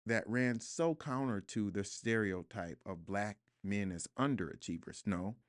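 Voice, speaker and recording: A man with a fairly low voice talks as a guest in a studio interview. He is reflective and earnest, and at times he builds to emphatic repetition. The tone is smooth and full, and the sound is dry and close. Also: unhurried, no room sound. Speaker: guest author. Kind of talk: podcast interview conversation.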